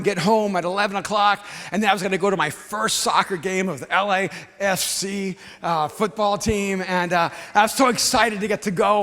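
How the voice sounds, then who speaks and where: A man in his fifties preaching a sermon as a pastor, telling a story with animated swings from hushed to shouting. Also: sits high. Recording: long hall reverb.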